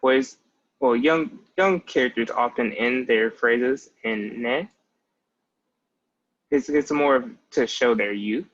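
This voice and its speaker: A young man in his twenties, working as a language tutor, speaks in a mid-range, fairly bright voice at a slow pace. He gives a casual spoken lesson, explaining things step by step and often opening with "so" and "basically." The audio is muffled and lo-fi.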